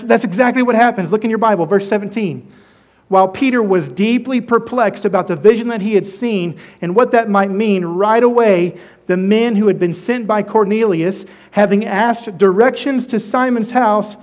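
A man's voice: sits high, moderate pace, a little mellow. A male preacher giving a conversational sermon, asking his listeners questions.

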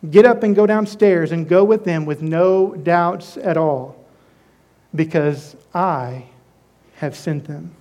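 A man voicing the Spirit, speaking in a low, hushed, reassuring way. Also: unhurried. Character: the Spirit, calm guiding divine voice.

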